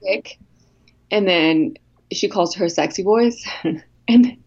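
A hoarse woman co-hosting a podcast, chatting casually into a podcast microphone and laughing easily. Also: mid-range voice, slow, a little mellow, muffled recording. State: hoarse from a cold. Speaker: podcast co-host.

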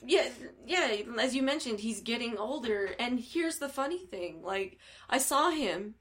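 Animated woman telling a story in casual chat. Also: on the high side, unhurried. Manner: animated storyteller, acts out quotes, laughs often. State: a little hungover.

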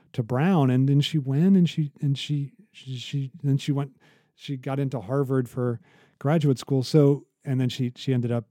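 A man co-hosting a conversational academic podcast, telling stories with many halting restarts. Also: mid-range voice, mellow, dry recording. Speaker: podcast co-host.

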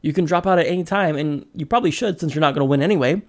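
Sarcastic, lively podcast host, a man. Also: on the high side. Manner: animated and sarcastic, with quick asides. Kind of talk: casual political commentary.

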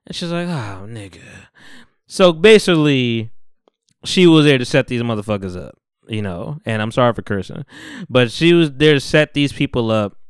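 Young man, podcast host, laid-back slangy recap, smooth resonant voice, dry close sound. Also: mid-range voice, lively intonation, normal speed, no echo. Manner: slangy, laid-back, acts out characters' lines. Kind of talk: casual chat, recapping a TV episode.

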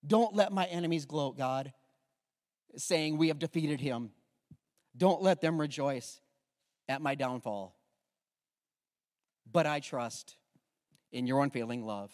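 A man's voice: fairly high pitch, slow, long pauses. Passionate male pastor preaching in a reverberant hall. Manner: passionate, swings from hushed to loud. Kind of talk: sermon. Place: church sanctuary.

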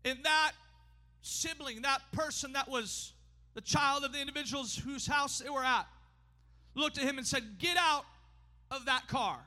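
A high-pitched man preaching in a church sanctuary, his voice ringing through a long hall reverb. His tone is bright and piercing, and he preaches emphatically, rising to shouts and slowing down for weight. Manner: emphatic, often shouting, pace swinging fast and slow. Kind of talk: sermon.

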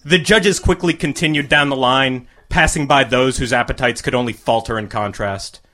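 A man reading a crude comic short story aloud to a live audience, with a deadpan delivery. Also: medium pitch, moderate pace, a little hiss or hum.

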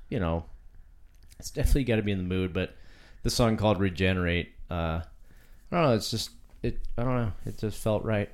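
Very deep-voiced man rambling casually. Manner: rambling, self-deprecating, frequent fillers and apologies. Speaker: podcast co-host. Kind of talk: casual chat about music. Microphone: home podcast microphone.

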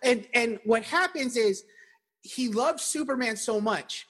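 Podcast co-host, male, high husky voice, lively storyteller who restarts sentences often. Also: a little slow. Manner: animated storyteller with many restarts. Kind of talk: casual chat.

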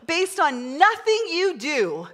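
Middle-aged woman preacher, high voice that swoops all over, chatty and excitable; big church hall. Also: takes it slowly. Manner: chatty, excitable, leads the crowd in call-and-response. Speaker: pastor. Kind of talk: sermon. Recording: long hall reverb.

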